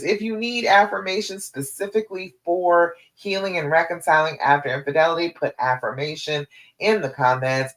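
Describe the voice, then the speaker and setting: A woman love coach giving a live-streamed coaching talk, direct and encouraging, often checking in with "okay?" between points. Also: low voice.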